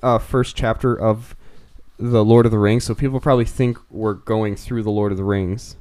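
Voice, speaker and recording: A man's voice: lowish voice, fairly even intonation, moderate pace, mellow. A man co-hosting a podcast, easygoing as he runs a quiz in casual chat. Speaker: podcast co-host.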